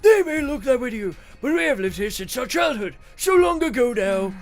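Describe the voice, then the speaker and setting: A man voicing a small, timid old hermit, wary and pleading, with drawn-out hums. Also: very high-pitched, sing-song, full character voice. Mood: solemn. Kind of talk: game dialogue read-aloud.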